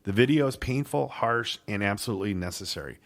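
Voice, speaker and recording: Low-ish guy on a sports podcast, cusses a lot, trips over words reading stuff out. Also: expressive, fast. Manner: swears freely, stumbles over words while reading. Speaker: podcast co-host. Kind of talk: casual sports talk, reading an article aloud.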